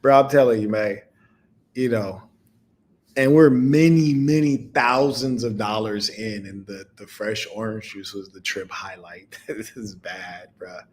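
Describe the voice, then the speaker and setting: Animated man hosting a casual podcast. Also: lowish voice, a little slow. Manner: animated storytelling with laughing asides. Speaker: podcast host. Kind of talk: casual monologue to a live audience.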